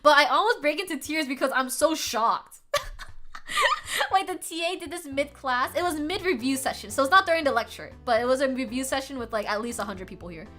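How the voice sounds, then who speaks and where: A bright, high-pitched young woman tells a story to her live chat, her voice swooping up and down as she laughs and swears her way through it. Faint music plays softly behind her. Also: a little fast. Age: young adult. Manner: animated, laughs often, swears freely. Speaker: streamer. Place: home streaming setup.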